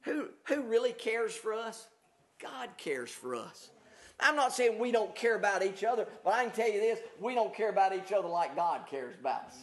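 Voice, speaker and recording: A pastor preaching a conversational sermon, reading scripture aloud and explaining it with frequent fillers and restarts. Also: male voice, sits high, animated, brisk, hardly any pauses.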